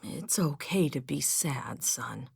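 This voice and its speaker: A woman narrator puts on a gruff old hermit for an audiobook, his voice a deep, heavily gravelly croak that is slow and breathy. He speaks sternly but in a hushed way, with a dry, close sound. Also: lively intonation, no echo, heavily acted. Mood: gentle. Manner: gruff and stern, softening to gentle hush. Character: gruff, frail old male hermit farmer. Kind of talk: audiobook character voice.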